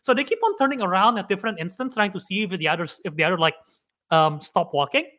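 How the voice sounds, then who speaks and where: High, bright-voiced young man chatting. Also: lively intonation. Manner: rambling, retells scenes with quick acted-out quotes. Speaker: podcast co-host. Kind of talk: casual chat.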